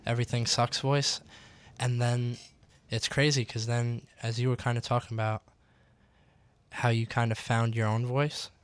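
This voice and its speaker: This is a male radio host chatting with a guest in the studio, with a smooth, clear voice. He keeps his pitch quite flat and even, and talks in a relaxed, affirming way, with plenty of fillers and restarts. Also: normal speed. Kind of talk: casual conversational interview.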